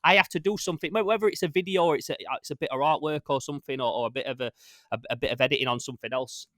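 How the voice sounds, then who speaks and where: A man with a Sheffield accent hosting a podcast interview, talking fast in casual slang with lots of restarts and the odd swear. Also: fairly high pitch, fairly bright tone, no echo, studio quality. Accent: Sheffield, Northern English. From Sheffield, England. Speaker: podcast host. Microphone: remote call audio.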